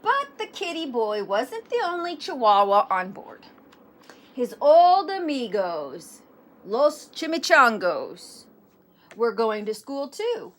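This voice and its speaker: A woman reading a children's picture book aloud, animated, with self-deprecating asides. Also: mid-range voice, slow. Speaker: storybook reader.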